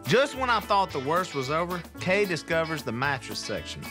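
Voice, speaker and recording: A man's voice: a little high, sing-song, normal speed. A grown son on a reality show, exasperated and wisecracking as he narrates and bickers with his family. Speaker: reality show cast member, eldest son. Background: music.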